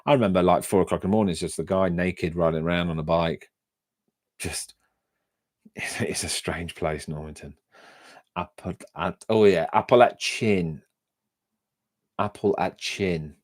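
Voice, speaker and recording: A man's voice: deep voice, fairly even intonation, moderate pace, long pauses, no room sound, clean studio sound. An English man chatting on a casual livestream, reading chat and rambling from story to story with frequent laughs and restarts. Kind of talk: casual live-stream chat.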